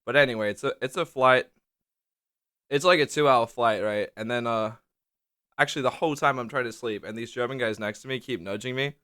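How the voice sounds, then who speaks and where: A man's voice: medium pitch, fairly quick, pushed and bright, smooth, dry recording, studio quality. A young man telling rambling, swear-laden travel stories to camera in a casual vlog, leaning hard on "like". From Australia. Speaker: vlogger. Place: small indoor room under a lamp.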